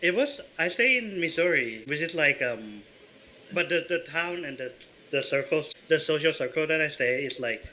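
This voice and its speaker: A young man from Thailand with a Thai accent, co-hosting a podcast in relaxed chat with hesitant, filler-heavy phrasing. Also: on the high side, normal speed, slight background noise. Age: young adult. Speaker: podcast co-host. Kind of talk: casual chat.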